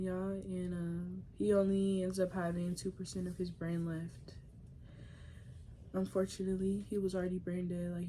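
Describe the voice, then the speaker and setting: A young woman telling a personal story to her viewers in a casual vlog. She talks in slang, addresses the audience directly and often drops to a soft, tearful voice. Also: lowish voice, slight background noise.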